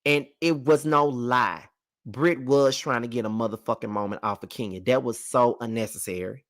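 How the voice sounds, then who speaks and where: Gravelly, profane reality TV recap host. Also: male voice, mid-range voice, normal speed. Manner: profane, animated, talks back at the people on screen. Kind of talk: casual live commentary.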